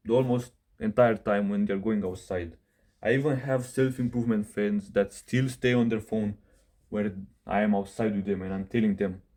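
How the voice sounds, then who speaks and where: Young male coach, slightly low voice, casual cursing rant, fixes his own wording as he goes. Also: darkish tone. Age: young adult. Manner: blunt, swears, keeps saying bro; non-native phrasing, self-corrects mid-sentence. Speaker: self-improvement coach. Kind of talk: casual direct-to-camera advice rant.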